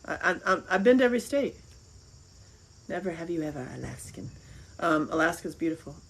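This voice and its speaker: A woman talking as an interview guest in casual chat. She is animated, laughs often and repeats phrases. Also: on the low side, brisk, breathy edge, low-quality recording. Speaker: interview guest, filmmaker and author.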